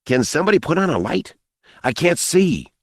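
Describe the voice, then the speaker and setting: A jumpy teenage boy, played by a man, calls out high and anxious, his voice pushed well above the narrator's. The sound is dry and close, read for a storybook. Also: sing-song, normal speed, no room sound.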